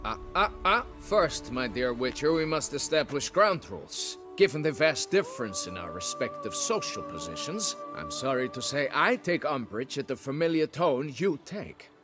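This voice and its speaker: A man's voice: mid-range voice, sing-song, normal speed, hardly any pauses, close to an everyday voice. An actor playing a haughty male nobleman who demands deference while hiring a monster hunter. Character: pompous haughty male nobleman, vineyard owner. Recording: game audio with music underneath.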